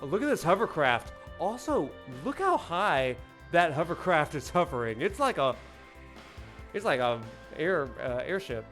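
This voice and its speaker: A man's voice: on the high side, sing-song, a little slow, a bit bright, faint music behind. A man giving playful, joking commentary as he plays through a game. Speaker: game streamer. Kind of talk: let's play commentary.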